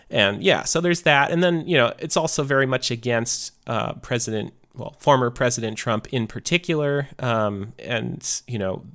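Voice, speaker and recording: Smooth-voiced man chatting casually. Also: mid-range voice. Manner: rambling, with frequent fillers and soft laughs. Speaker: podcast reviewer. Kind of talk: casual chat.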